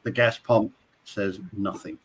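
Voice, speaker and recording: A man's voice: on the low side, unhurried, background noise. A man co-hosting a live drone show, telling a joke aloud. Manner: lively joke-telling with voices. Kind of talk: live-stream casual chat.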